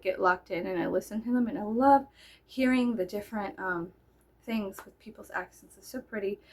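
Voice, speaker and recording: A young woman from Texas, telling a story in a rambling, giggly casual chat and swearing freely. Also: a little high. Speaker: storyteller vlogger.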